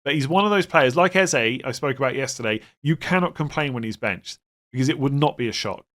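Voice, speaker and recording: A young man hosting a fantasy football channel, talking casually in an animated, opinionated way, often restarting his sentences. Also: medium pitch, fairly quick.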